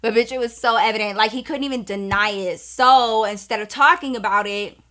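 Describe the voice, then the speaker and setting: A woman's voice: a little high, a little fast, sharp tone. A young woman telling a personal story to her viewers in a candid, profane, chatty way. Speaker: storytime vlogger. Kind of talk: casual storytelling.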